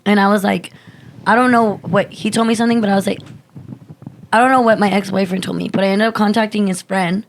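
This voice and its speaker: A young woman co-hosting a podcast, telling a story in a casual, animated way, swearing a lot and acting out quotes. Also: mid-range voice, fast, slight background noise. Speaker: podcast co-host.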